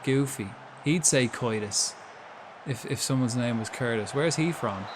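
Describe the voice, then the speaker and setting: Brief: young Irish man, mid-pitch, loose swearing live-stream chatter, clear hum behind. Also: normal speed. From Ireland. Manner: chatty, swears freely, reacts aloud to the game. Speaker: gaming streamer. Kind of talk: casual live-stream commentary.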